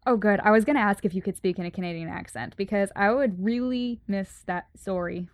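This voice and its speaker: A woman's voice: mid-range voice, a little fast, no echo. A young woman co-hosting a casual podcast, playful and giggly with mock-serious asides. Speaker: podcast co-host and audio engineer. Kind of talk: casual comedic podcast chat.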